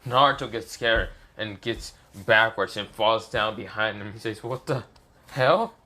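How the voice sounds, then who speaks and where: A man's voice: on the low side, steady tone, unhurried, bright, forceful tone. Rambling man improvising a fan story. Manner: rambling, filler-heavy, many self-corrections.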